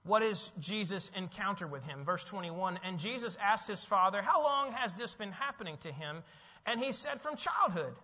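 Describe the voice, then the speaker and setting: Man, pastor, sermon, bright tense voice, animated, long hall reverb, muffled lo-fi sound. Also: high voice, normal speed. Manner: animated, asks the audience questions.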